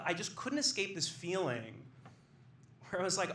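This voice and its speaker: A young man doing storytelling stand-up on a comedy club stage, excitable and animated as he acts out what people said. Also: high-pitched, moderate pace, slight background noise. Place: small comedy club stage with live audience. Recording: roomy club sound with faint ambience.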